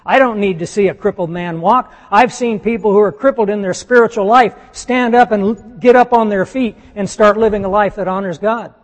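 A man's voice: high-pitched, brisk, hardly any pauses. A man preaching a sermon, emphatic and full of rhetorical questions. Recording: long reverb of a large hall.

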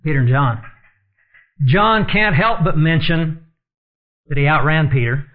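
A man with a somewhat high voice delivers an earnest sermon and reads scripture aloud between his explanations. The recording sounds dull and lo-fi. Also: lively intonation, measured pace. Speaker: Bible teacher.

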